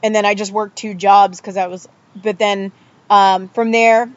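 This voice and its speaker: A woman's voice: medium pitch, flat delivery, a little slow, muffled recording. A woman guest on a podcast, chatting casually and rambling through loose anecdotes, recorded outdoors by a pool. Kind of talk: casual chat.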